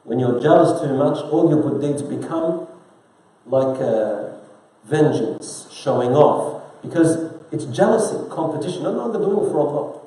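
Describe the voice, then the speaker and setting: A man delivers a sermon in an easy, conversational tone, asking his listeners questions along the way. His voice is dark and mellow. It rings out through a very reverberant room. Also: a little high, expressive, a little slow. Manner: conversational preaching with rhetorical questions to the congregation; quotes scripture in Arabic then explains it in English. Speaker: preacher. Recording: very echoey room.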